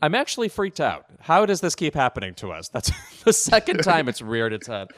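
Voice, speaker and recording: A man with a slightly high, very animated voice co-hosts a podcast at a fairly quick pace. He chats casually about pop culture, wry, sardonic and self-deprecating.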